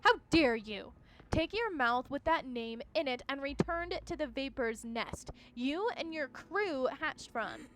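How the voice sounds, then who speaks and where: A scheming young villainess with a high, bright voice , put on by a woman reading game dialogue aloud. She taunts with a haughty, mocking edge. There is a faint hum behind her. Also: lively intonation, unhurried. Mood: scornful.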